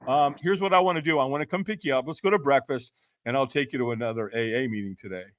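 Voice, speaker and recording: A man's voice: mid-range voice, fast, no echo, natural voice. A man voicing a friendly, easygoing male mentor in a retold phone call, laid-back and upbeat.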